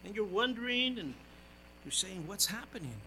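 An older man preaching a sermon as pastor, his voice swinging from loud exclamations down to quiet asides. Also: high voice, big pitch swings, moderate pace, a little hiss or hum, poor audio.

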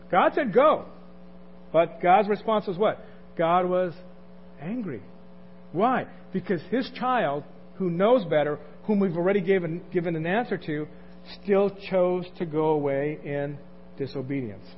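A man with a high voice preaches a sermon in a loose, conversational way, tossing questions out to his listeners. The recording is dull and lo-fi, with a faint hiss under it. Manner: conversational, asks the congregation questions, chuckles. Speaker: pastor.

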